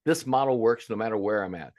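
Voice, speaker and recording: A man coaching restaurant owners in an energetic, emphatic presentation. He talks casually and bluntly, with the odd swear, and acts out his clients' complaints. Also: fairly low pitch, fast talker.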